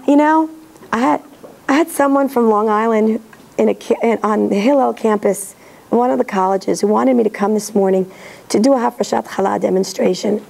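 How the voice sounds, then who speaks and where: A woman with a hoarse voice from laryngitis, giving an earnest, animated religious lecture to an audience and acting out bits of dialogue. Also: on the high side, low-quality recording. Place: synagogue hall.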